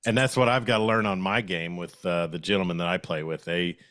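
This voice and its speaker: Male sports co-host, low voice, rambling casual talk, dry booth. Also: steady tone, fairly quick, fairly bright tone, no room sound. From Western Oklahoma. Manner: rambling, self-correcting, chuckling. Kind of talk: casual sports chat on a live stream.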